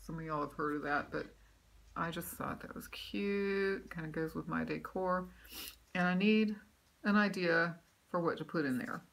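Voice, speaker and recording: Her voice lowish, creaky and a bit bright, a cross-stitch vlogger talks at a normal speed from home. It's a casual show-and-tell about her stitching, rambling, with plenty of ums and restarts.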